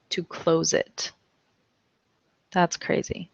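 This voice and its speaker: A woman's voice: on the low side, unhurried, no room sound. A woman teaching an English lesson in a casual way, reading example sentences aloud and explaining them. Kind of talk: online language lesson. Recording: dull, dry lo-fi recording.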